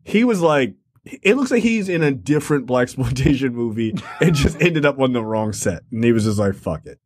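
A man's voice: medium pitch, moderate pace, no echo, clean studio sound. A man co-hosting a podcast, joking and laughing while reviewing a film. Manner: animated, joking and laughing often. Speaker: podcast co-host. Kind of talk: casual film review chat.

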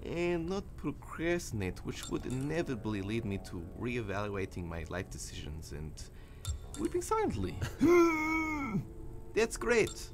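A bored sarcastic young musician. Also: male voice, medium pitch, measured pace, faint music behind. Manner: sarcastic, deadpan complaints.

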